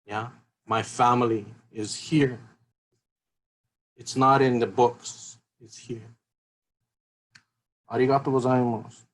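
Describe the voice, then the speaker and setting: A man gives an emotional talk with a voice at an ordinary middle pitch. He speaks earnestly and comes back to the same phrases again and again. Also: steady tone, takes it slowly, long pauses, low-quality recording. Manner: earnest, repeats key phrases. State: emotional, voice catching. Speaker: seminar speaker.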